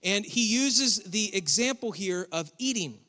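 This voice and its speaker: A man's voice: high voice, lively intonation, unhurried, bright, forceful tone, big-room sound. A man preaching a sermon as pastor in a church, conversational and joking, with sarcastic asides. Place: church hall.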